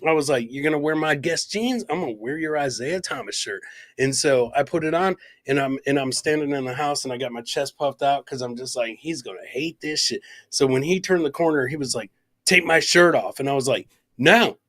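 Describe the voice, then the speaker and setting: A man's voice: medium pitch, no room sound. A man co-hosting a podcast, telling a story in a casual, profane way, laughing often and acting out the people he quotes. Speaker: podcast co-host.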